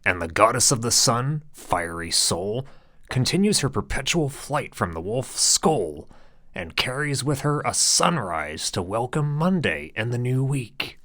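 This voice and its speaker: A man's voice: medium pitch, big pitch swings, unhurried, fairly bright tone, no echo, clean studio sound. A man narrating an audiobook in a crude, sardonic way. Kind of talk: scripted narration.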